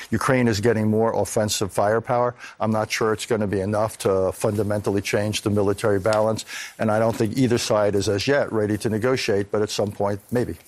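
An older man, a veteran diplomat, answering questions in a live news interview in a measured, analytical way. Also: fairly low pitch, a little mellow. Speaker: foreign policy analyst guest.

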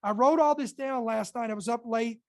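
A woman hosting a Christian podcast, talking earnestly and reading her notes slowly, with emphatic stresses. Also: a little high, darkish tone. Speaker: podcast host. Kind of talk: Christian podcast commentary, partly read aloud. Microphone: podcast microphone.

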